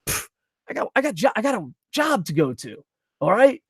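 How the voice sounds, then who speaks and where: A man's voice: high-pitched, sing-song, normal speed, gravelly, fairly bright tone, husky, no room sound, studio quality. A young man casually reviewing wrestling on a live stream at a home desk microphone, rambling, swearing and reading chat messages aloud.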